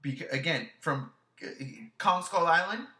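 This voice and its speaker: A man hosting a casual podcast chat, talking emphatically and excitably, with some swearing. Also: fairly high pitch, normal speed, roomy sound. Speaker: podcast host.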